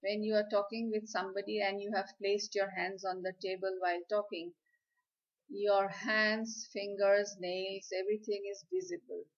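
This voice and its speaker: A woman giving a slide lecture on communication skills, speaking in a deliberate, instructive way. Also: medium pitch, flat delivery. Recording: slightly dull, lo-fi audio.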